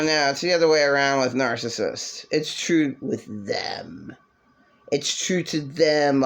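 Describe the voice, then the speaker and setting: A woman rambling through an agitated, repetitive rant to camera in a vlog. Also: rumbling low. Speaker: vlogger.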